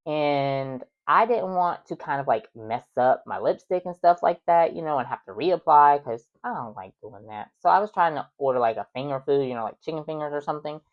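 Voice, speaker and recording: Woman with a low voice chatting through a personal story, lots of "you know", kinda dull lo-fi sound. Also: lively intonation, brisk, few pauses. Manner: chatty, many fillers, exasperated asides. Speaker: podcast host.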